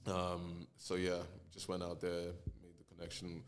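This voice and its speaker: A man's voice: sits low, measured pace. A man, a musician as interview guest, talking casually and loosely with many fillers. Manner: relaxed, many fillers and "you know".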